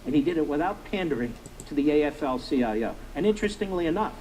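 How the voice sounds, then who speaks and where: A man's voice: fairly high pitch, animated, quick pace, a little mellow, a little hiss or hum, poor audio. A middle-aged man hosting a political commentary monologue, emphatic and repetitive, firing rhetorical questions at his listeners. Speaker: talk show host.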